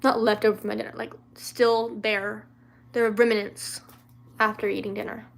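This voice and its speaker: A young woman raised in the American South, from Louisiana, chats casually on a livestream while answering viewer questions. Her mid-range voice is creaky with a level tone and moderate pace, and she fills it with fillers, restarts and giggles.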